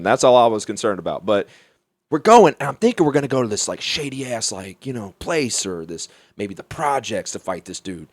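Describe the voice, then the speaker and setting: A young man from Alabama, a comedian guest telling a story in a profane, animated way, laughing as he goes. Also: fairly low pitch, moderate pace, no echo. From Mobile, Alabama, US. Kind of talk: casual storytelling.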